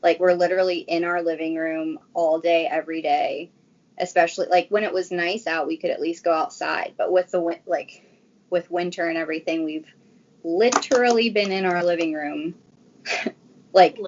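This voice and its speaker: A woman's voice: lowish voice, fairly even intonation, moderate pace. A young woman, a guest on a casual chat show, telling a personal story in a chatty way full of "like"s. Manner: chatty, filler-heavy storytelling with many "like"s. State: briefly tearful. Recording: dull lo-fi sound.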